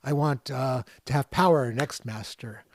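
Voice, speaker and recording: A man voicing a greedy, eager poor man rattling off his wishes excitedly. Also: medium pitch, a little slow, creaky, a little hiss or hum. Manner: excited, eager, tumbling wish lists.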